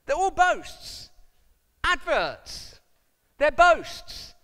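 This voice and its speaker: A man preaching a sermon as pastor in a church, animated and jokey, putting on quoted voices. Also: very high-pitched, drawn-out words, long reverb tail. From Wales.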